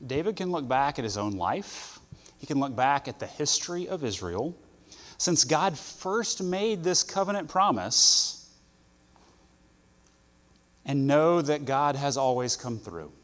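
A man preaching a sermon to students, earnest, with loud stresses and soft asides. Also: mid-range voice, lively intonation, measured pace, pauses often, big-room sound.

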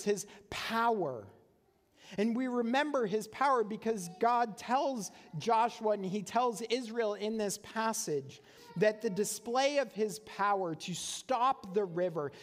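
A man's voice: high-pitched, in a large hall. A male pastor preaching a sermon in a conversational way, often checking in with the congregation with "right?". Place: church sanctuary.

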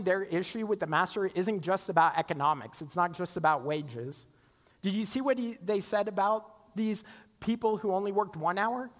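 High-voiced man preaching in a big hall. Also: a bit bright. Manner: conversational, rhetorical questions, acts out quoted grumbling. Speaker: pastor. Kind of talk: sermon.

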